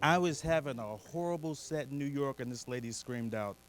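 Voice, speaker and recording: A man doing a stand-up comedy set on a club stage, animated and quick to break into loud character voices. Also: mid-range voice, dry recording.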